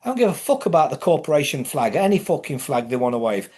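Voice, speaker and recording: A middle-aged Englishman with an English accent holds forth in a heated, profane monologue, his voice sitting slightly higher than most men's. He swears freely and keeps pushing his delivery up into emphatic outbursts. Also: sing-song, quick pace, a little mellow, slightly rough. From England.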